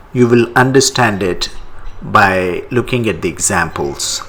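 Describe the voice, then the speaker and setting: A man with an Indian English accent teaching a French lesson, saying each phrase twice in a deliberate way. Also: mid-range voice, a bit bright. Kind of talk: language lesson.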